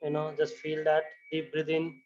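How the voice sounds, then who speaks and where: Monotone man guiding yoga relaxation. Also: on the high side, a little hiss or hum. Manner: slow, calm step-by-step cues with frequent "you know". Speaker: yoga instructor. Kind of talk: guided relaxation instruction. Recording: dull lo-fi recording with faint music.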